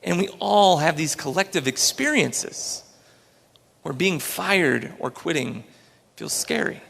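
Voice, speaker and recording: A man's voice: fairly high pitch, expressive, takes it slowly, gravelly, a bit bright, breathy edge, long reverb tail. A man, an entrepreneur, giving an earnest, story-filled inspirational talk on a large auditorium stage.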